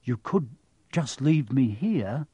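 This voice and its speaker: A man reading aloud, voicing a quiet, hopeful young boy who talks in an earnest, pleading way. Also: mid-range voice, sing-song, slow, husky, dry recording, highs cut off, exaggerated voice.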